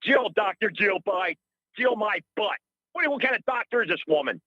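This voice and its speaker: A man's voice: high-pitched, expressive, normal speed, no echo, muffled recording. A middle-aged man calling in to a radio show, ranting in a heated, rambling, indignant way and repeating himself. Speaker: caller. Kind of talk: heated call-in rant.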